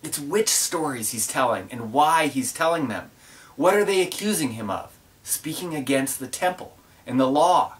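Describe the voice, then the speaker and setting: Guy doing a chill knowing guard, explains things quietly, far mic. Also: fairly high pitch, animated, moderate pace, lightly acted. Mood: explaining. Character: patient, knowing male temple guard.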